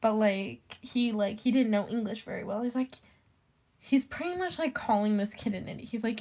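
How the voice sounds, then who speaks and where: A teenage girl in high school, telling a rambling story about her teacher, full of "like" fillers, swearing and quoted voices. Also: normal speed. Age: teens. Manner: rambling, heavy "like" filler, swearing, animated quoting. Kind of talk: casual storytime rant.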